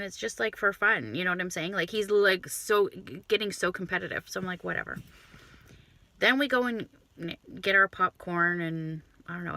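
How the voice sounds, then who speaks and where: A woman telling a dating story in a casual, animated way, swearing often, recorded inside a car on a phone. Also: medium pitch, gravelly, no room sound. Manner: animated, profane, quick asides.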